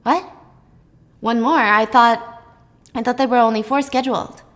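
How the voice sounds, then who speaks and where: A woman voicing a successful man in his forties, a doctor who speaks quickly and brusquely. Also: a little high, a bit bright, natural voice. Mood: impatient.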